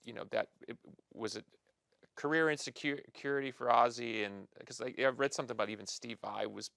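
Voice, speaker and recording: A man's voice: mid-range voice, brisk, gravelly, fairly bright tone, dry recording. A man hosting a podcast, asking careful, hesitant interview questions. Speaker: podcast host.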